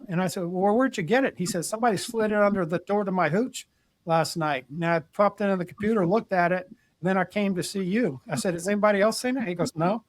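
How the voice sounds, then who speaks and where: A man's voice: high-pitched, no echo. An older man, a retired army general, telling war stories in a casual interview, plainspoken and restarting his words as he acts out conversations.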